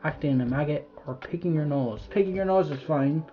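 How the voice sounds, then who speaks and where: Over faint music and a muffled recording, a young Irish man's slightly high voice moves fairly quickly. He's a vlogger doing a quiz, chatting casually, rambling, swearing freely, and trailing off mid-thought.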